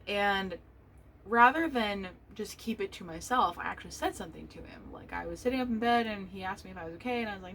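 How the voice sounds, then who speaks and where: Candid young woman, lowish voice, faint noise. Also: normal speed, fairly bright tone, low-quality recording. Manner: candid, emotional, swears freely, restarts often. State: choked up, tearful. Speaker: podcast host. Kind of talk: personal solo podcast talk.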